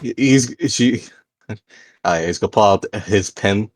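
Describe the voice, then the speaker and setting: A man's voice: fairly low pitch, slow pace. A man playing a tabletop game, speaking hesitantly with many ums and uhs. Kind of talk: casual game chat.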